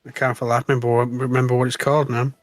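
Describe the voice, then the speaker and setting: A man trades casual banter, rambling through jokey asides at a middling pitch. His voice sounds dry and close. Faint music plays underneath. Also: level tone, racing, dry recording. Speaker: co-host.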